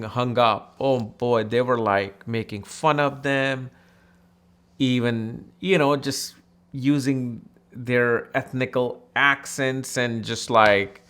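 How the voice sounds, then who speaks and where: A man from India teaching astrology in a casual, animated, conversational way, acting out people in his anecdotes. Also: mid-range voice.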